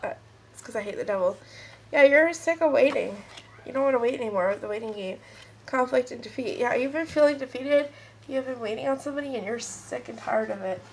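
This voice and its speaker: A woman's voice: on the high side, fairly quick, a little mellow, slight background noise, rough recording. A woman with a stuffed-up, sniffly nose giving a casual pick-a-card tarot reading at home, chatting and rambling straight to her viewers. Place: at home with kids and a puppy nearby.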